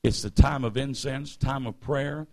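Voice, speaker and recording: A man's voice: medium pitch, a little slow. A man preaching and retelling a story playfully, calling on the congregation to repeat after him. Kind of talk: sermon storytelling.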